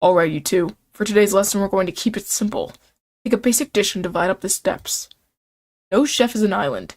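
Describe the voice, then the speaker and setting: A woman voicing a brisk cooking class instructor in a game, giving orders to students. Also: mid-range voice, a little mellow, lightly acted.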